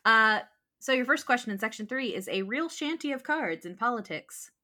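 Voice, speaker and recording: A woman's voice: fairly high pitch, lively intonation, normal speed, sharp tone. A woman hosting a casual trivia podcast, reading questions aloud and laughing easily. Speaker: trivia host.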